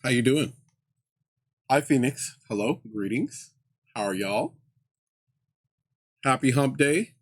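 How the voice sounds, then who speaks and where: A man's voice: mid-range voice, slow pace, pauses often. A young man streaming live, chatting casually with viewers in laid-back slang and laughing often.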